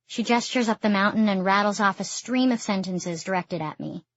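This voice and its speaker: A woman reading a first-person audiobook in a steady storytelling manner. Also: mid-range voice, normal speed, no echo. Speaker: audiobook narrator. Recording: dull lo-fi dry recording.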